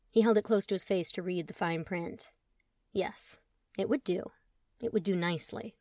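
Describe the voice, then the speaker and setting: A woman narrating a story audiobook in an expressive, wry manner. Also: mid-range voice, no echo, studio quality.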